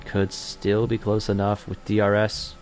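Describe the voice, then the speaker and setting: A man's voice: fairly low pitch, monotone, unhurried, a little mellow, faint music behind. A young man commentating an online racing league in a chatty, self-correcting way that picks up during on-track battles. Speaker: race commentator.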